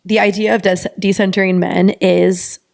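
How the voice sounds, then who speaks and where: Woman podcast co-host, gravelly creaky voice, emphatic casual chat with swearing. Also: mid-range voice. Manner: emphatic, swears, fast animated asides.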